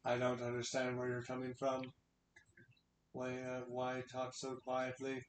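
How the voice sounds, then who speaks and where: A man playing a confused android who talks in a hesitant, halting way. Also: a little high, completely flat delivery, a little hiss or hum. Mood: unsure. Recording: echoey room.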